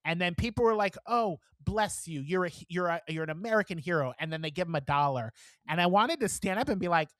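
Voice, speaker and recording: Podcast co-host, male, 40s, lively storyteller, dry close sound. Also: high-pitched, quick pace, no echo. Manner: animated storyteller, swears, laughs mid-sentence. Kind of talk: casual chat.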